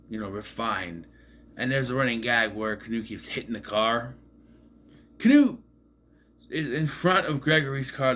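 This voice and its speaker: A man's voice: mid-range voice, bright, forceful tone, slight background noise. A man casually recapping a movie in a rambling, musing way, often admitting he is unsure. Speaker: movie reviewer.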